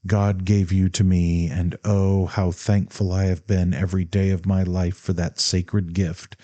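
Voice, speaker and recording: Loving mother in an audiobook letter, a man reading her: low, warm, gentle, subdued. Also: dry recording. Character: tender, devoted middle-aged mother writing to her son.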